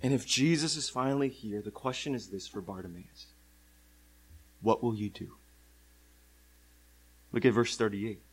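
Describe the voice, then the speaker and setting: A young adult man preaching a sermon, moving between hushed lines and loud, drawn-out cries. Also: fairly low pitch, slightly rough, low-quality recording.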